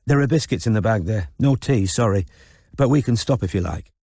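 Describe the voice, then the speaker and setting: A man voicing a tense young woman who turns fierce, speaking clipped and shouting in an audiobook. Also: on the low side, lively intonation, a little fast, no room sound, clean studio sound. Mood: friendly. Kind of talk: audiobook character voice.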